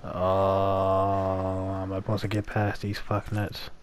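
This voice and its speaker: A man's voice: deep voice, monotone, slow pace, slight background noise. A man commentating a horror game, muttering to himself and breaking into profane, panicky outbursts. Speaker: gamer playing a horror game. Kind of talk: let's play commentary.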